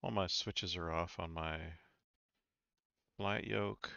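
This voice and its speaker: A man's voice: sits low, fairly even intonation, slow, creaky, muffled recording, noisy background. A man giving casual commentary over a flight simulator game, thinking aloud and reading on-screen instructions with small stumbles. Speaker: flight simulator gameplay creator.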